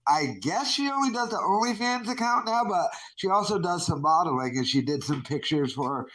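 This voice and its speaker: A man with a slightly high, sharp voice recaps online posts for his co-host. He delivers them in a dry, wry way during casual chat. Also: expressive, moderate pace, rough recording. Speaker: podcast co-host.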